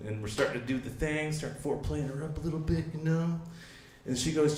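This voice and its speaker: A man's voice: a little high, fast, reverberant, a little hiss or hum. A man doing a crude stand-up comedy set at a brewery, telling stories and acting out both sides of the dialogue. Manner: crude, animated storytelling with acted-out dialogue. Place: brewery comedy stage with a live audience.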